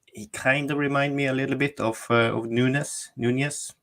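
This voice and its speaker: A man co-hosting a casual football fan show, giving his opinions in a measured way. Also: mid-range voice, steady tone, fairly bright tone. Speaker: co-host.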